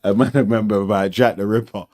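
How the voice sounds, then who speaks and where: A man's voice: fairly even intonation, fast talker, warm tone. Slangy man reacting to clips. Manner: slangy, laughing, mocks others in a high voice. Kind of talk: casual reaction commentary.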